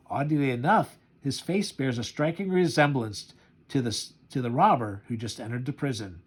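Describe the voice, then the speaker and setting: A man reviewing a comic in a casual commentary, chuckling as he goes and halting often with fillers. His voice sits at a middle pitch.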